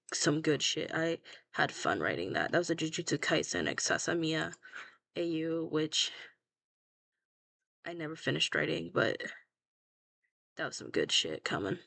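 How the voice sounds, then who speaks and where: A woman's voice: sits low, vocal fry, fairly bright tone, no echo. A young woman chatting casually about her own fan fiction, blunt and self-mocking, swearing freely and laughing at herself. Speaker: fanfiction writer scrolling her own archive.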